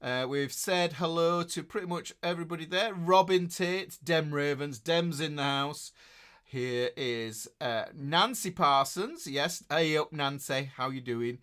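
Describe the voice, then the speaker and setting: A man's voice: a little high, a little slow, a bit bright, smooth. A middle-aged man, chatting casually as a guitar teacher hosting a live class and reading out viewers' names with jokes and fillers. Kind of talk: casual live-stream chat.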